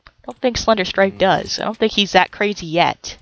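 A young woman giving casual, excitable let's-play commentary, swearing at the game and laughing often. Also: mid-range voice, normal speed, a little hiss or hum.

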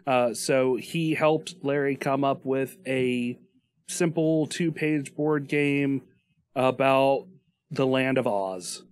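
A man co-hosting a casual podcast, rambling and joking as he goes. His voice is mid-pitched, recorded close on a dry studio mic. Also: slow, darkish tone, no echo. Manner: joking, rambling with restarts and laughs. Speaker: podcast co-host.

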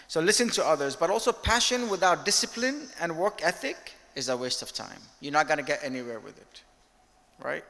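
A man giving an interactive leadership lecture, talking candidly and telling animated stories with direct questions to the audience. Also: a little high, gravelly. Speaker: guest speaker, company director. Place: lecture hall, filmed. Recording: long hall reverb.

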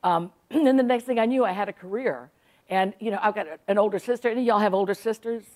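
A woman's voice: medium pitch, quick pace, a little mellow. A woman, an author telling funny stories to a library audience in a chatty, self-mocking way. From South Carolina. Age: 60s. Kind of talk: humorous storytelling talk to an audience. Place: public library event.

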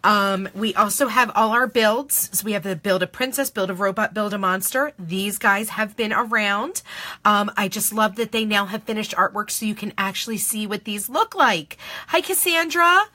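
Bubbly woman gushing over crafts on a phone live stream, bright voice, dry sound. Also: mid-range voice, moderate pace, no echo. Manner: gushing, greets viewers by name. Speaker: craft product seller hosting a live video. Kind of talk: live product showcase chat.

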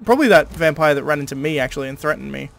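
A man's voice: fairly high pitch, lively intonation, racing, creaky, fairly bright tone. A man with an Australian accent giving casual, thinking-aloud commentary while playing a game, with frequent ums. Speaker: let's-play host. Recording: faint game music behind.

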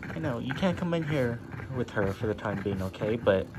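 A man filming his dogs at home, chatting casually and slipping into playful baby talk that jumps up high. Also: big pitch swings, moderate pace. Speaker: dog owner filming his pets. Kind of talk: casual home video chat. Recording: home video with clear background noise.

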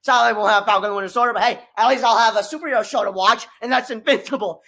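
A young man hosts a reaction video from home, talking straight into his webcam. His voice sits high, and he is overwhelmed, yelling and repeating the same exclamations. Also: quick pace, vocal fry, hardly any pauses. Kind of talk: excited reaction commentary.

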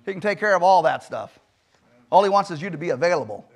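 Male pastor, high voice, emphatic sermon in a church, swings loud and soft. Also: lively intonation, quick pace. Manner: emphatic preaching with rhetorical questions and sudden loud swings. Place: church sanctuary.

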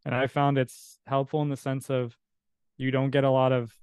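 Relaxed, flat-voiced man with a clean voice. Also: medium pitch, moderate pace, clean tone, no room sound, studio quality. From California. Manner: relaxed, rambling, with fillers and restarts. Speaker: coffee business owner, guest. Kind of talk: casual podcast interview.

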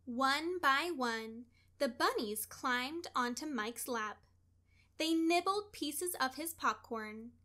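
A high-pitched woman reads a children's story aloud, giving it an expressive, deliberate storybook delivery.

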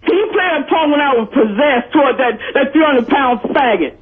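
A woman calling in, shouting profane insults in a very combative way over a dull phone line. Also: high-pitched, lively intonation, fairly quick. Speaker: caller.

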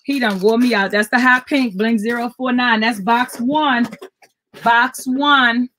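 A woman's voice: a little high, fairly even intonation, unhurried, fairly bright tone, slight background noise. An older woman hosting a live jewelry sales stream, chatting with viewers and repeating item codes.

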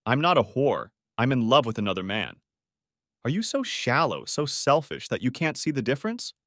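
A man's voice: mid-range voice, very animated, moderate pace, a bit bright, no room sound, studio quality. A man voicing an angry, defensive wife in an audiobook story, shrieking and indignant. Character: angry betrayed wife, shrill and accusing.

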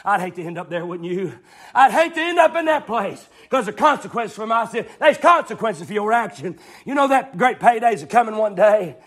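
High-voiced preacher shouting a fiery sermon. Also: male voice, lively intonation, fairly quick. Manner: repetitive, shouting refrains, folksy.

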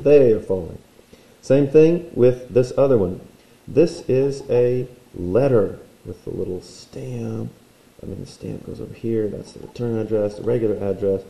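A man's voice: fairly low pitch, echoey room, highs cut off. A man teaching a recorded language lesson, playful and explaining while he draws.

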